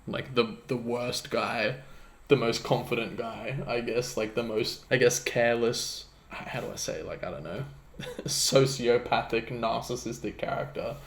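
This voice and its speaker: A man's voice: medium pitch, fairly even intonation, unhurried, creaky. A man co-hosting a podcast, talking casually about a film, swearing freely and acting out lines from it. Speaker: podcast co-host. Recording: roomy echo.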